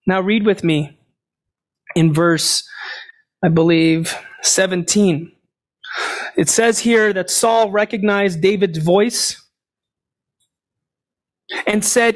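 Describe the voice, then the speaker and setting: A man with a high voice preaches at an unhurried pace. He retells a scripture story step by step, pausing to ask questions and answer them himself. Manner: storytelling, explains passages, asks and answers his own questions. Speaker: pastor. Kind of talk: sermon.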